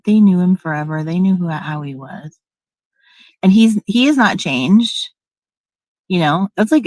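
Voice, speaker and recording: A woman's voice: lowish voice, no echo, poor audio. Blunt, profane woman venting, dry sound. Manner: blunt, profane, rambling with restarts. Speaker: vlogger. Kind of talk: casual storytime vent.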